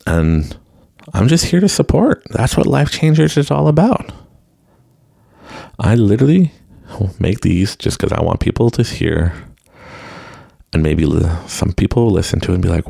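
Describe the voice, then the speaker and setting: A man's voice: medium pitch, huge pitch swings, normal speed, vocal fry, pauses often, mellow, slightly rough, no room sound, clean studio sound. A man hosting his own podcast, giving an unscripted motivational talk and laughing often. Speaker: podcast host. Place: room at home with a mic.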